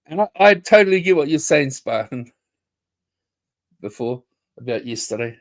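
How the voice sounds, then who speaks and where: A man's voice: medium pitch, expressive, normal speed. A man ranting confrontationally on a casual livestream, swearing and repeating himself. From New Zealand.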